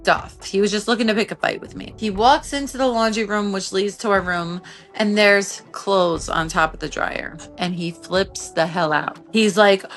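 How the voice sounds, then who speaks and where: A woman in her thirties giving a personal testimony, talking in halting bursts with restarts and a lot of "like". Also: mid-range voice, fairly bright tone, faint music behind. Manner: halting, many restarts and filler "like". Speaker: survivor telling her own story.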